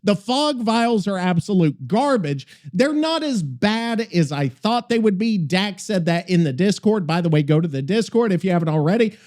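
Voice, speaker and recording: Man, podcast host, animated profane rant, high voice, very lively pitch. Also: normal speed, few pauses. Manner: animated swearing rant, acts out characters. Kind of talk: casual gaming podcast rant.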